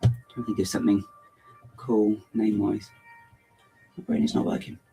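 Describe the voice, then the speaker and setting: A man's voice: lowish voice, little pitch movement, normal speed, creaky, warm tone, faint music behind. A man chatting casually on a livestream while building, rambling and muttering to himself with playful asides, his throat bothering him. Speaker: LEGO builder livestreaming to chat.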